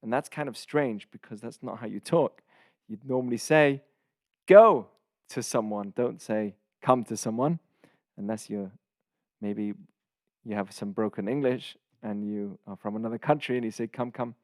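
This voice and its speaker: A man hosting and teaching a casual Torah lesson, explaining in short phrases with pauses and glossing Hebrew terms as he goes. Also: on the low side, no echo, studio quality.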